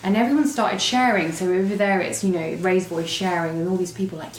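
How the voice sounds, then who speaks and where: A young English woman telling her recovery story as a guest, animated, with fillers and laughs. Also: lowish voice, brisk, few pauses, slight background noise. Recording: roomy echo.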